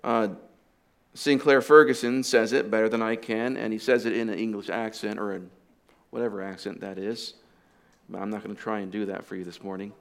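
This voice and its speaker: A pastor preaching a sermon, explaining deliberately and dropping in casual asides to the congregation. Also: male voice, on the low side, fairly even intonation, gravelly. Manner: deliberate teaching with conversational asides.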